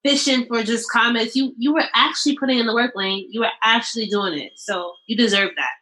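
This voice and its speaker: A woman hosts a casual interview in a bright, sharp, fairly high voice. She is supportive and jumps in with short follow-up questions. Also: a little fast, poor audio. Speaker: podcast host.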